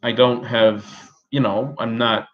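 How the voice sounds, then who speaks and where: A man in his thirties from Australia, talking in a put-on American accent in a halting, rambling personal monologue full of restarts and fillers. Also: mid-range voice, fairly even intonation, dull audio, a little hiss or hum. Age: 30s. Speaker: vlogger. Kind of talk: personal talk to camera.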